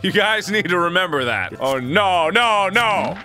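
A man's voice: high voice, lively intonation, unhurried, bright, forceful tone, soft background music. A man hosting a gaming video, giving let's play commentary with horrified exclamations and frequent laughter.

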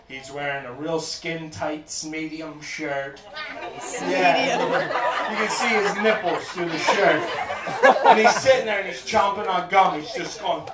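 A young man does stand-up in a comedy club, telling an animated story and acting out its characters in a fairly high-pitched voice. The audio is very noisy, captured by a distant mic in an echoey room with loud crowd laughter.

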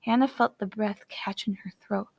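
Audiobook narrator, woman, steady reading, mid pitch, gravelly texture. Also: normal speed, no room sound. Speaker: audiobook reader. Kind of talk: storybook narration.

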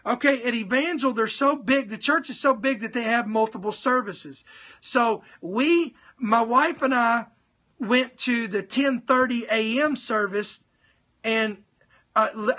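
A man preaching in a live-streamed sermon, telling his testimony in an animated way, speaking directly to his viewers and repeating points for emphasis. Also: extremely high pitch. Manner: animated storytelling, talks straight to viewers.

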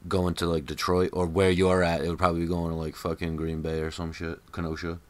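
A man's voice: low voice, monotone, brisk, background noise. A man from Rhode Island with a New England accent, hosting a podcast in profane, joking banter. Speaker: podcast host. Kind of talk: casual chat.

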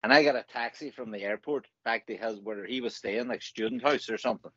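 A man's voice: mid-range voice, a little fast, fairly bright tone, muffled recording, a little hiss or hum. A man with a Derry accent, hosting a casual chat, joking and swearing as he tells stories. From Northern Ireland. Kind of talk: casual banter.

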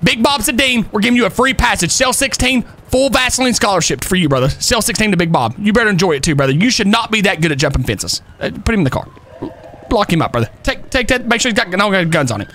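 A man live-streaming a police role-play game, excitable and loud, laughing often and calling everyone brother. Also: sits high, fast talker, a little hiss or hum. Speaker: streamer playing a police officer.

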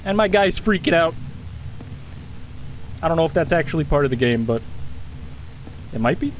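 A man's voice: fairly high pitch, lively intonation, moderate pace, a little hiss or hum, poor audio. A young man giving live commentary as he plays a game, jumpy and talking to himself with lots of swearing. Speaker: gaming streamer.

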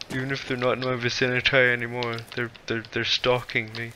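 A man's voice: medium pitch, little pitch movement, brisk, hardly any pauses, sharp tone, a little hiss or hum. A man playing a survival game, commentating to himself and getting easily frightened. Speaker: gaming channel creator. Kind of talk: let's play commentary.

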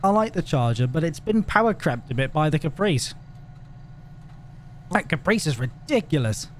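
A man's voice: a little high, sing-song, moderate pace, slight background noise. A man chatting casually with his live viewers, joking and laughing often. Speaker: livestreamer.

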